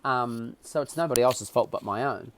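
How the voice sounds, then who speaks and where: A middle-aged man, a podcast guest telling personal stories in a lively, emotional way. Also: mid-range voice, normal speed, a little hiss or hum. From New Zealand. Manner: animated, emotional storyteller who acts out quotes. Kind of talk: casual storytelling chat.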